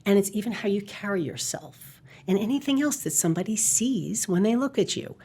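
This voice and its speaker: A woman's voice: mid-range voice, animated, fairly quick, dark tone, slightly rough. A middle-aged woman, a communication coach, speaking as a guest in a podcast interview, articulate and emphatic.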